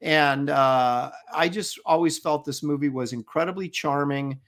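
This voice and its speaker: A middle-aged man with a somewhat high voice talks in a casual, loose chat. He gets eager and rambles, circling back and restarting as he thinks aloud. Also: measured pace, fairly bright tone. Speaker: co-host.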